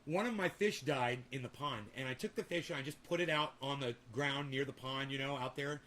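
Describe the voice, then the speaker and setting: A man's voice: mid-range voice, brisk, a bit bright, a little hiss or hum. A man telling rambling, profanity-laden stories in a casual home vlog. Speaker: vlogger. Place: home with garden and indoor grow.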